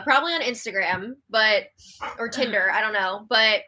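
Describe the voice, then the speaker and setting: Bright, animated woman hosting a live recap. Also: a little high, normal speed, a little hiss or hum. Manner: animated, exasperated, reads viewer comments aloud. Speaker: host. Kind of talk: live reality-show recap chat.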